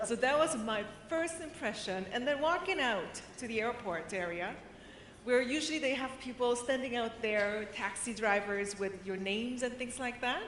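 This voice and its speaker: A woman giving a conference keynote, chatty and animated, acting out the people in her stories. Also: fairly high pitch, normal speed, a little hiss or hum. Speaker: keynote speaker. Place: large conference hall. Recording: roomy hall reverb.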